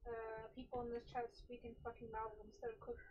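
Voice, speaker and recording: A woman's voice: fairly high pitch, flat delivery, fast, darkish tone, husky, muffled recording. A woman co-hosting a casual gaming stream, blunt and teasing and swearing freely. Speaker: streamer and co-host.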